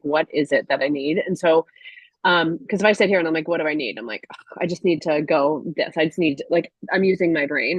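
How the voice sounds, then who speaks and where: A woman guest on a podcast, telling stories in an earnest, casual way with quick restarts. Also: sits low, no echo, rough recording. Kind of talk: casual conversational podcast chat.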